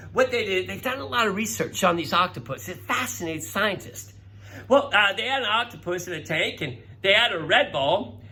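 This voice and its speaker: A middle-aged man telling children a science story, calling each child by name and getting excited as he goes. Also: sits high, low-quality recording. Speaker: presenter talking to children. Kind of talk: storytelling science talk for kids.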